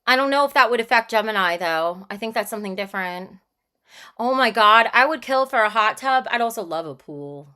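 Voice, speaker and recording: A woman's voice: on the high side, expressive, a little fast, pushed and bright, smooth. A woman livestreaming, chatting casually and bluntly, reading out and answering her chat. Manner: breezy, frank and irreverent.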